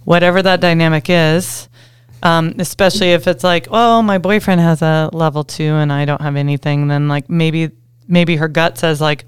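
A woman's voice: deep voice, moderate pace, clean tone, dry recording, studio quality. A woman, a ski guide chatting casually and with energy, saying "like" often. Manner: animated, says "like" often, upbeat. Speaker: ski guide and avalanche instructor. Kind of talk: casual podcast chat.

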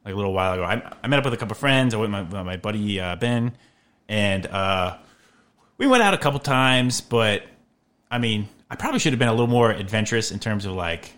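A man's voice: animated, fast, a bit bright. A young American man in casual podcast chat, swearing freely and joking. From United States. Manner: profane, jokey, mimics people in high voices.

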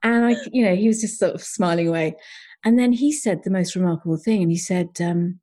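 Middle-aged female coach, podcast guest; low, mellow, earnest storyteller. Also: a little fast. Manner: earnest, reflective, often quotes her own thoughts. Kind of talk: personal storytelling.

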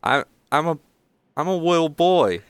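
A man's voice: on the high side, lively intonation, measured pace, smooth, no echo, voice pushed up. A man voicing a small, curious halfling boy in a tabletop game, asking blunt childish questions.

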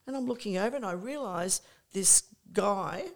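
An older woman, a guest on an interview show, telling anecdotes in a lively, rambling way, restarting sentences and acting out what people said. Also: medium pitch, normal speed. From Australia. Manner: animated anecdote-telling, many restarts, acts out quoted people. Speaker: interview guest, music promoter. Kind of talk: casual storytelling chat.

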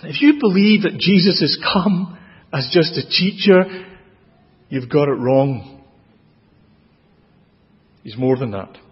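A man with a Scottish accent preaching a sermon, expressive, with dramatic rises in pitch and volume. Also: slow, long pauses. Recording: dull, lo-fi with long hall reverb.

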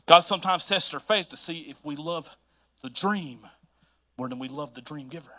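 A man from North Carolina with a Southern accent, preaching a sermon as pastor in an animated storytelling manner that repeats phrases for emphasis. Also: fairly high pitch, moderate pace.

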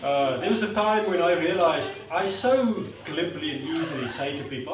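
Male preacher, conversational and self-deprecating, lively delivery; distant mic, echoey hall. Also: fairly high pitch, normal speed, over music. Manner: conversational, acts out quotes with lively voices; self-deprecating, laughs at himself. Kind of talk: sermon. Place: church hall.

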